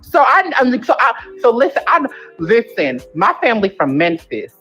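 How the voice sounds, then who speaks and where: Animated laughing woman, casual chat. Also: on the high side, moderate pace, soft background music, rough recording. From Northern US. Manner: animated, laughs often, repeats herself.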